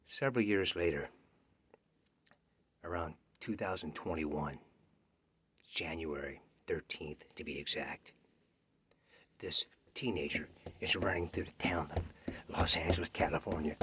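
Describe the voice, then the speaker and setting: A man's voice: low voice, a little slow, long pauses, pushed and bright, husky. A man auditioning with a dramatic scary story, dropping into whispers for suspense. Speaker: actor auditioning. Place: home self-tape.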